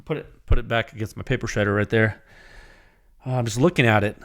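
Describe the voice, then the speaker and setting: A man hosting his own podcast, talking alone into the mic. He sounds excitable and rambling, often restarting his sentences before he gets going. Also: lowish voice, brisk. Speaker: podcast host. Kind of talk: solo podcast talk.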